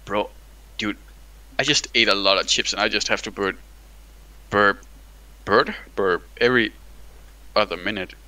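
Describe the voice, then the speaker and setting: A young man with a bright, forceful voice sits somewhere on the lower side of the pitch range. He talks in loose, rambling bursts, swearing and joking with a friend over a game. It is casual gaming chat, full of laughs and restarts. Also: a little slow, long pauses, poor audio. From Denmark.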